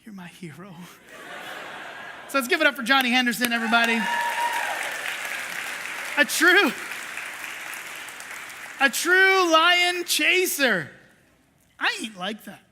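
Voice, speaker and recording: A woman's voice: high-pitched, lively intonation, slow pace, pauses often, a crowd in the background, background noise. A woman pastor preaching a sermon, telling a story with self-deprecating humor and acting out the quotes. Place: church sanctuary. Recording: reverberant church hall.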